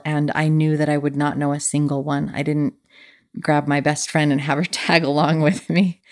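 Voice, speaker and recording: A middle-aged woman hosting a podcast, telling a personal story in a soft, earnest, reflective way. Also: low voice. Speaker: podcast host.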